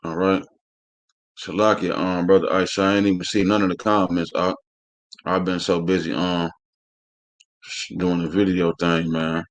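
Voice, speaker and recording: A man with a low voice, little pitch movement, normal speed and long pauses teaches a live-streamed scripture class. He reads verses out, then offers preachy, blunt commentary laced with swearing and a constant "man."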